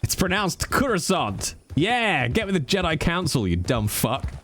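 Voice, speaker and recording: A man streaming a game, chatting casually, animated and swearing freely as he rants. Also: fairly high pitch, normal speed, a little hiss or hum.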